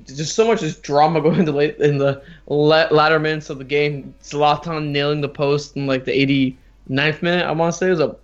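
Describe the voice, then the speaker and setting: A man's voice: on the high side, steady tone, fairly quick, hardly any pauses, lo-fi sound. A man co-hosting a soccer podcast in casual chat, rambling and repeating words, laughing as he talks. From United States. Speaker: podcast co-host.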